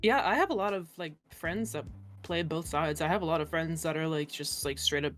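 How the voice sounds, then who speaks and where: A woman's voice: deep voice, fairly quick, faint music behind. A woman streamer talking as an interview guest in a casual, chatty way, laughing often and filling her talk with "like".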